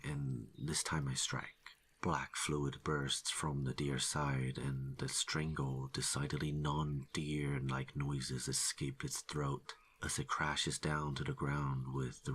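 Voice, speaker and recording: A man narrating a first-person horror story in a steady, low-key delivery. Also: breathy edge.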